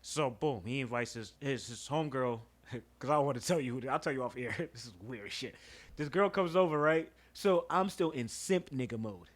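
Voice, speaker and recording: A young man telling a story on a podcast in an animated, laughing, profane way, a bit stuffy-nosed. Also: mid-range voice, moderate pace. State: stuffy nose. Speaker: podcast co-host. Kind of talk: casual storytelling chat.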